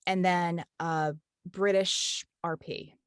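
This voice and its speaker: A woman with a lowish voice and an easygoing Southern lilt talks through an interview in a loose, chatty way, full of little fillers. The sound is dry and close, with no room around it. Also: steady tone, slow, clean tone, no echo. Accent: Southern US cadence. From Kentucky. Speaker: audiobook narrator and voice actor. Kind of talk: casual interview chat.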